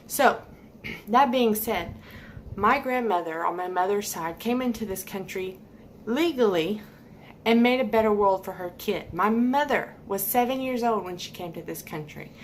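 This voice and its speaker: A woman's voice: mid-range voice, unhurried, slight background noise. A woman giving a heated, emphatic opinion rant to camera, repeating points for stress. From United States. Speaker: vlogger.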